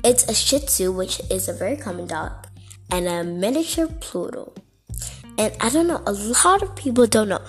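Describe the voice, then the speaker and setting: A woman's voice: medium pitch, lively intonation, moderate pace. Woman vlogger, casual exasperated rant with lots of "like" and "okay", faint music under the voice.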